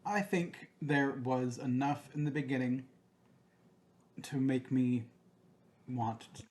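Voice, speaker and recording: A man in his thirties chatting casually as a podcast co-host. His voice sits at a middle pitch, and he gets excitable, swearing freely and slipping into quoted voices. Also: takes it slowly. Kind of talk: casual chat.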